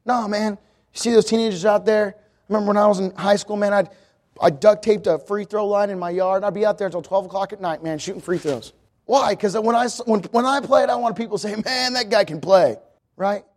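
High-voiced emphatic male preacher. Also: fast talker, a little mellow. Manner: emphatic, repetitive preaching with acted quotes. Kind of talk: sermon.

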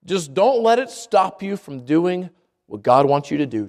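A male pastor preaching a sermon, impassioned, rising sharply for emphasis and dropping to a hushed voice in prayer. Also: sing-song, measured pace. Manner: impassioned, rises high for emphasis then drops to a hushed prayer.

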